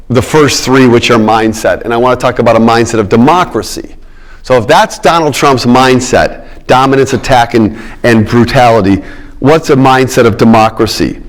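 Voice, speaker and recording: A middle-aged man lectures on politics in an emphatic way, hammering home his key words. He keeps checking in with his listeners, and his voice sits at an ordinary middle pitch for a man. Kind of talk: public lecture.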